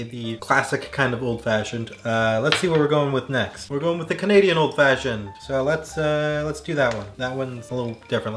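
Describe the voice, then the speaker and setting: Rambling man chatting over cocktails. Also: mid-range voice. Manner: rambling, heavy on "like" fillers, digressive. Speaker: home cocktail vlogger. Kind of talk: casual chat while mixing drinks.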